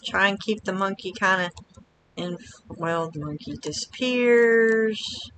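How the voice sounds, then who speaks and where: A woman quietly commenting to herself while streaming a video game. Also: medium pitch, takes it slowly, a little hiss or hum. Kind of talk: casual gameplay commentary.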